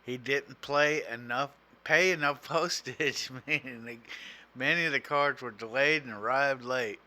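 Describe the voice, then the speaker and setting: A middle-aged father co-hosts a casual podcast, reading trivia aloud and rambling through it with lots of "you know" and frequent chuckles. His medium-pitched voice is unhurried with a sharp tone.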